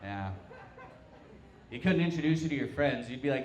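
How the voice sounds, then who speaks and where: A young man from Tulsa performing a stand-up set with deadpan, self-mocking crude punchlines. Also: mid-range voice, normal speed, pauses often, noisy background. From Tulsa, Oklahoma. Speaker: stand-up comic. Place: brewery comedy stage, live crowd. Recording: roomy live-venue sound.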